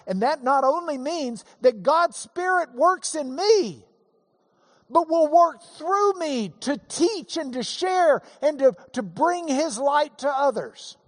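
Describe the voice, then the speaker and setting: Lively preaching man in a reverberant hall. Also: very high voice. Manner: lively, conversational preaching with asides. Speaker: pastor. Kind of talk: sermon with Bible teaching.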